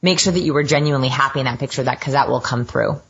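A woman's voice: very deep voice, very fast, breathy edge, highs cut off. A woman guest on a podcast interview, explaining research with eager enthusiasm. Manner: enthusiastic, self-described science geek. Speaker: guest expert.

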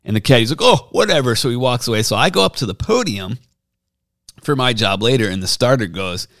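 A middle-aged man hosting a podcast, chatting casually and telling stories, lively when he quotes other people. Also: mid-range voice, fairly quick, dry recording, studio quality. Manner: storytelling, animated when quoting others. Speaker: podcast host. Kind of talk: casual chat.

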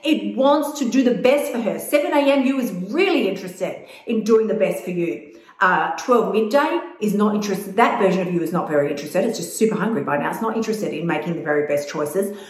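A woman with a mid-range voice speaks fairly quickly and animatedly, coaching viewers on weight loss directly to camera. Her advice is blunt, emphatic and casual, with free swearing, and the room is echoey.

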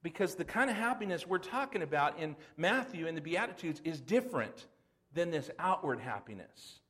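A man's voice: a little high, very animated, moderate pace, fairly bright tone. A middle-aged man preaching a sermon as pastor, folksy and conversational, with rhetorical questions and asides.

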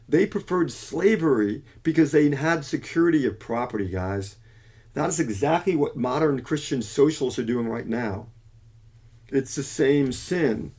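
A man's voice: mid-range voice, animated, normal speed, a little mellow. A man delivering an emphatic preaching monologue on faith and economics, with frequent restarts and self-corrections. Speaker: Christian commentator.

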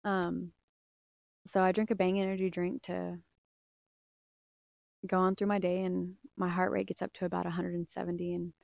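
Young woman, podcast testimony, gravelly fry, dry close sound. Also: on the low side, dry recording. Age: young adult. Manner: earnest, storytelling with many ums and uhs. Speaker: podcast host. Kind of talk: personal faith testimony.

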